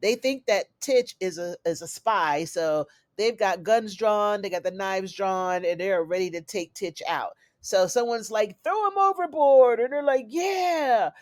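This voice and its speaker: Woman chatting thru a tv recap, talks to viewers like friends, dry close sound, mid pitch. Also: unhurried, few pauses, dry recording. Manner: chatty, addresses viewers as y'all and honey. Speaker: TV recap reviewer. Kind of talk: casual episode recap.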